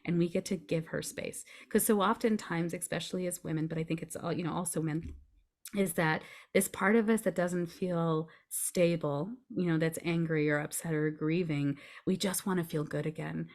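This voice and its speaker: A woman's voice: low voice, steady tone, normal speed, a little mellow. A woman guest on a podcast, a grief coach explaining her method step by step in a reassuring way. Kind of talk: podcast conversation.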